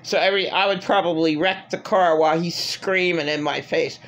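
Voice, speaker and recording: A woman's voice: lowish voice, normal speed, highs cut off. A middle-aged woman talking in an agitated, rambling personal monologue full of filler words. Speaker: vlogger.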